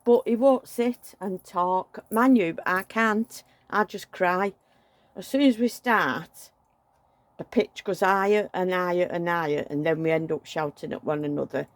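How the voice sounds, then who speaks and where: A woman's voice: fairly low pitch, a little slow, no echo. A middle-aged woman, chatting and venting emotionally while dressing a doll at home. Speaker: doll collector vlogger.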